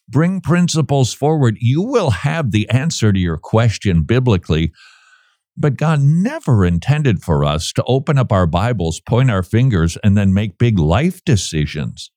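A man's voice: mid-range voice, very animated, normal speed, mellow, no room sound, studio quality. A man co-hosting a podcast, talking through religion and news in a sarcastic, joking way. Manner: sarcastic, joking, laughs often. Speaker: podcast co-host. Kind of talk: casual commentary.

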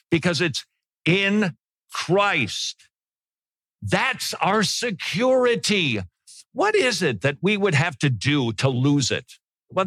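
A man preaching a sermon to a congregation, emphatic, swinging between quiet, close passages and loud declarations. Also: a little high, no room sound. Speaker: pastor. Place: church congregation.

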